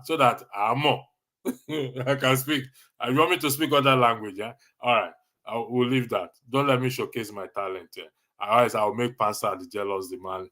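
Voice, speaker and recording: A man's voice: mid-range voice, steady tone, normal speed, pushed and bright. A Nigerian man hosting a casual live stream, reading viewer comments with a jokey, teasing manner and frequent laughter.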